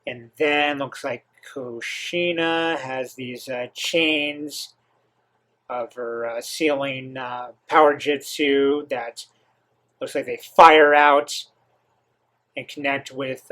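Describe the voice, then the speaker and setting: Brief: unhurried male host, mid-pitch, stop-start comic read-through with eager asides. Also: steady tone, sharp tone. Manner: halting, filler-heavy, enthusiastic asides. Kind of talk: reading and commenting on a comic.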